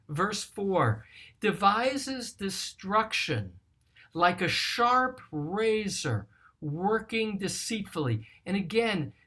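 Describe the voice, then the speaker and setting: A teacher giving a recorded study lesson on a psalm, reading verses aloud and explaining them in a slow, deliberate way. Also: mid-range voice, a bit bright. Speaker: teacher of scripture.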